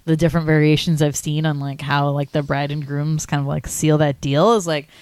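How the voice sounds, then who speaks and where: Young woman, podcast co-host, casual chat, lowish voice, dry close sound. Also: little pitch movement, a little fast, darkish tone, smooth, no echo. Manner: chatty, many likes, acts out quotes in high voices.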